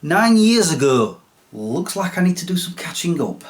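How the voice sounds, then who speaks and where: A man's voice: high-pitched, sing-song, normal speed. A man hosting his own comedy vlog, talking in a sarcastic, chatty way. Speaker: vlogger host.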